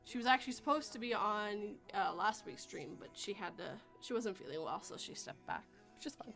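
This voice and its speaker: A woman's voice: mid-range voice, lively intonation, fairly quick, vocal fry, fairly bright tone, soft background music. A woman hosting a casual livestream chat, chatty and laughing often, sometimes repeating her words. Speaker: livestream host.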